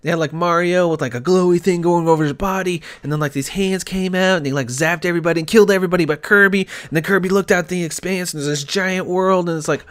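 Young guy ranting on his podcast, excitable, curses a lot, laughs a bunch. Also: sits high, fast talker, hardly any pauses, smooth. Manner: laughs between lines. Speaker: podcast host. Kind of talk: solo podcast rant.

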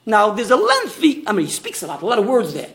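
A man's voice: sits high, wildly swooping pitch, fast talker, a bit bright, roomy sound. A man from Australia, a rabbi teaching a Torah class, explaining with many restarts and asides. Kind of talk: lecture to a small class.

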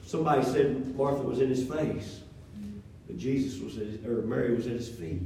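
A man's voice: medium pitch, moderate pace, mellow, a little hiss or hum. A middle-aged man preaching a sermon in a church, folksy and conversational with call and response. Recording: echoey room from far off.

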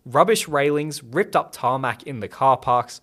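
A man's voice: mid-range voice, a little slow, a bit bright. Laughing man, casual podcast co-host. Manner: laughs often, reads reviews aloud playfully. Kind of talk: casual chat, reading out reviews.

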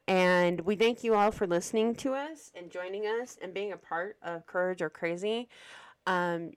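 Woman, podcast co-host; smooth, clear voice, relaxed sign-off; dry close mic. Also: fairly low pitch, no echo.

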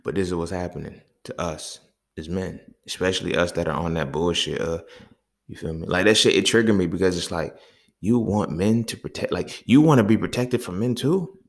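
Deep, gravelly man telling stories. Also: fairly quick. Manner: profane, streetwise, animated storytelling. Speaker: podcast host. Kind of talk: casual monologue storytelling.

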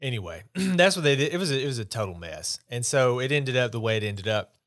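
A man's voice: medium pitch, animated, fast talker, a bit bright. A man hosting a casual podcast chat, talking in an opinionated, rambling, dismissive way. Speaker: podcast host.

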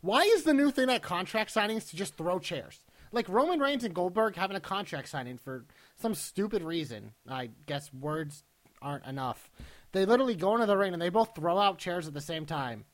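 A podcast co-host talks about wrestling in a lively voice that rises and falls a lot. The speech is casual, and the questions come out exasperated and incredulous. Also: medium pitch, fairly quick. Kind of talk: casual chat.

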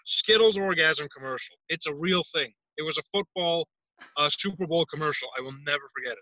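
A man's voice: a little high, fairly quick, bright, forceful tone, no room sound, lo-fi sound. A man chatting casually on a podcast, telling loose, profane stories. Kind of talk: casual chat.

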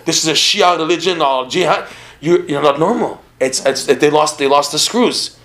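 A man's voice: fairly high pitch, normal speed, a bit bright. A man giving a religious lecture in a podcast conversation, talking animatedly with frequent repeated words and laughs. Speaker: religious teacher.

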